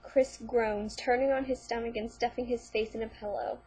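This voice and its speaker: A woman's voice: on the high side, fairly even intonation, moderate pace, a little mellow, husky. A woman vlogger reading fan fiction aloud, breaking in with sarcastic, mocking commentary.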